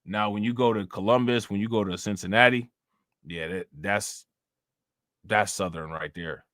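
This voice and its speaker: A man's voice: lowish voice, moderate pace, fairly bright tone, dry recording, studio quality. A man from Northeast Ohio with a Northeast Ohio accent, hosting a casual livestream and rambling in loose, profane slang while answering viewers. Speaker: livestream host.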